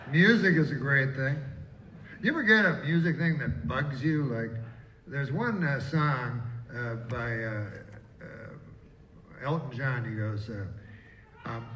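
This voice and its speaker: A male stand-up comedian performing live on a casino stage, deadpan and rambling, with profane asides. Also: medium pitch, slow pace, long pauses, muffled recording, crowd noise. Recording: echoey far-off live room with audience.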